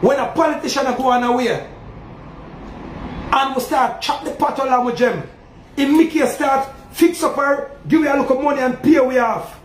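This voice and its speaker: A man's voice: very high-pitched, moderate pace. A man with a Jamaican accent, preaching emphatically to his audience as a self-styled Maroon chief and asking again and again whether they understand. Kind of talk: preaching monologue. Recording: roomy echo with faint ambient noise.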